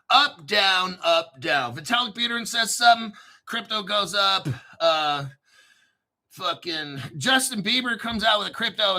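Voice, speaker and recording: Hyped, high-voiced, profane crypto host. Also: male voice, bright, forceful tone. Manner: profane, joking, hyped, often clears throat. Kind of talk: excitable commentary reading crypto news.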